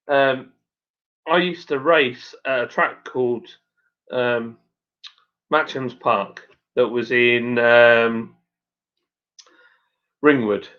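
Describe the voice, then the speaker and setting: A man's voice: mid-range voice, fairly bright tone, muffled recording. A man hosting a casual live stream, chatting and reading out viewers' messages, sometimes tripping over names.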